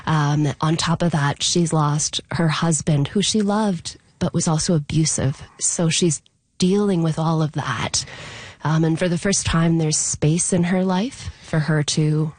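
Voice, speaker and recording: A woman, a stage actress, talking as a guest in a radio studio interview, wry and relaxed. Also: deep voice, a little slow, no echo.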